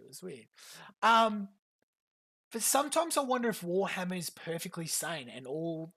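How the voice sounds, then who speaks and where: A woman streamer giving a profane, mocking reaction commentary to a clip. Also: medium pitch. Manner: profane, fast mocking rants.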